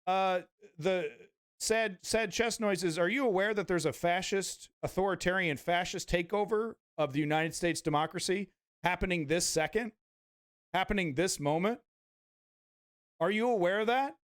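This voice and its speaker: A man's voice: high voice, normal speed, clear, resonant tone. A man hosting a live political stream, ranting angrily with heavy swearing and repeated phrases. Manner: angry, profane, repetitive.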